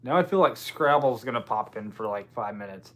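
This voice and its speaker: A man's voice: mid-range voice, fairly quick. A man hosting a casual late-night livestream, loosely answering viewers' comments. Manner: relaxed, answering chat comments, yawning. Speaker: livestream host.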